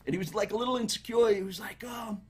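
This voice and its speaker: Husky male guest, animated casual storyteller. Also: high voice, quick pace. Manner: animated, laughing while telling stories.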